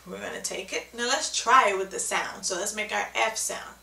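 A woman's voice: mid-range voice, normal speed, gravelly, bright, forceful tone, echoey room, recorded from a distance, poor audio. A woman giving a patient, step-by-step video lesson on speech sounds, often checking in with "okay?". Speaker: speech therapy teacher.

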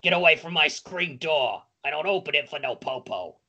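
A grumpy old woman with a smoker's rasp scolds from a little way off the mic, as a man puts her on for a laugh. Her voice is gravelly and low, like years of cigarettes. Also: expressive, moderate pace, pushed and bright, muffled recording, full character voice. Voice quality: smoky, raspy. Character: old raspy chain-smoking lady, cranky.

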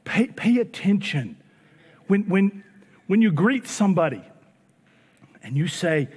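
A man, preaching an animated sermon and acting out little dialogues with repeated phrases. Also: high-pitched, measured pace, pauses often, husky. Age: 40s. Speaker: pastor. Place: church sanctuary. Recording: church hall with long reverb.

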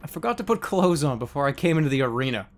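A man in his thirties does let's play commentary while streaming a game, joking sarcastically and breaking into frustrated outbursts. His fairly high voice is sing-song and rapid-fire.

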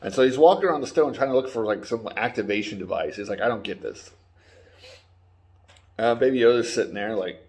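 A man's voice: on the low side, moderate pace, pauses often, a little mellow. Rambling, swearing male TV reviewer. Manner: rambling, swearing, acts out quotes. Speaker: YouTube reviewer. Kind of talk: casual spoiler recap.

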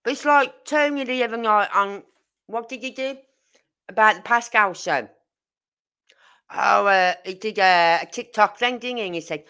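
Rambling woman with a bright voice. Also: mid-range voice, moderate pace, clear, resonant tone. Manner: rambling, indignant, reads viewer comments. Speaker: true crime channel host. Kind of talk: casual livestream chat.

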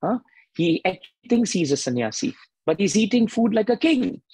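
Man retelling as a mocking young critic, loud and husky. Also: high-pitched, big pitch swings, normal speed, no room sound, voice pushed up, heavily acted. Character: scornful young male critic.

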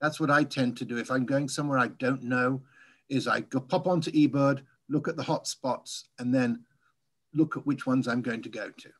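A man from England whose English accent has softened over years in the US, a guest speaker telling relaxed, chatty stories in a Q&A over a video call. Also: medium pitch, moderate pace, slightly rough. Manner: relaxed, chatty storytelling with light laughs. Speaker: guest speaker, birding tour leader. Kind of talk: casual Q&A after a talk.

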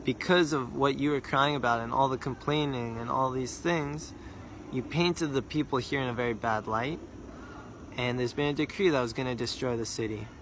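A man's voice: medium pitch, normal speed, background noise, close to an everyday voice. A man voicing a young male disciple who earnestly delivers a message.

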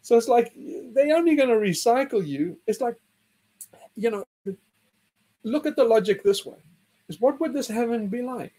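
Host: man, high voice, sardonic profane rant, mimics voices. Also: expressive, moderate pace, pauses often, dark tone. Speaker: podcast host. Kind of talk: casual rant.

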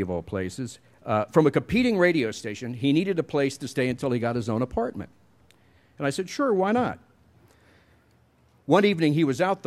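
A man's voice: medium pitch, darkish tone. A middle-aged man giving a commencement speech, telling wry, self-deprecating stories at a podium mic. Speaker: commencement speaker.

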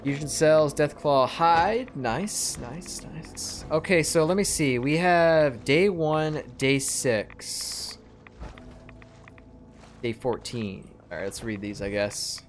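Male gamer, relaxed commentary, slow delivery, faint music underneath. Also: on the high side. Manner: laid-back, musing aloud, says "man" a lot. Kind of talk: casual gameplay commentary.

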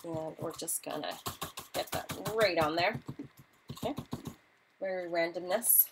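A woman's voice: fairly low pitch, a little slow, background noise. A woman in her thirties hosting a live craft tutorial, chatty and a little flustered, apologizing often as she works. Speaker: craft demonstrator.

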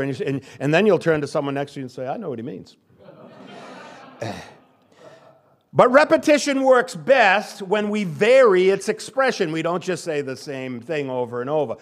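Older man preaching with emphasis. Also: fairly high pitch. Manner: emphatic, repeats key phrases. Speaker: pastor. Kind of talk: sermon. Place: church sanctuary.

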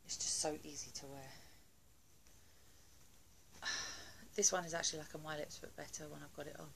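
A woman's voice: low-pitched, fairly even intonation, moderate pace, gravelly, fairly bright tone, a little hiss or hum, poor audio. A woman doing a casual beauty haul video at home, chatty and gushing, with lots of fillers and asides. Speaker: beauty vlogger.

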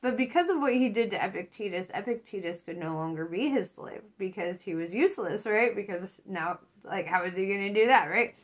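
A woman's voice: mid-range voice, expressive, brisk, hardly any pauses. A woman giving a casual tarot reading, rambling and encouraging, swearing freely. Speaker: tarot reader.

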